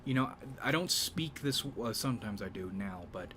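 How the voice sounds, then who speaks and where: A man hosting a YouTube channel in a rambling, casual monologue, speaking in a deliberately low register with a slight vibrato. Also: animated, a bit bright, faint music behind. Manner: rambling, with frequent restarts and profanity.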